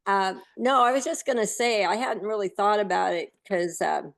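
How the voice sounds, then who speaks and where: A woman with a gravelly, creaky voice chatting on a group call. She talks in a relaxed, rambling way and restarts her sentences now and then. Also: medium pitch, moderate pace. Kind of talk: casual group call chat.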